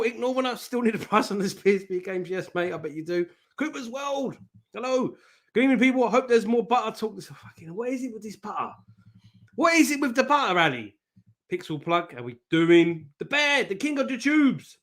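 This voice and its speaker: Sweary host, slightly high voice. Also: male voice. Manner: banter-filled and sweary, greeting viewers by name, laughs often. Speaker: host of a live trading stream. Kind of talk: casual live-stream chat.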